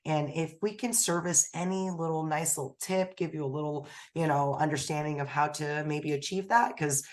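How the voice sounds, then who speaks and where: Lower-pitched, chatty woman podcast co-host. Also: moderate pace. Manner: chatty and excitable, rambling with fillers. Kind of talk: casual podcast chat.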